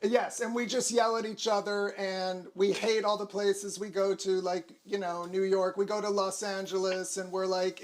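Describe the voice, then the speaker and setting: A man's voice: sits high, level tone, normal speed, few pauses. A man from Michigan, a guest cook on a video call, joking easily as he works. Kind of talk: casual chat while cooking.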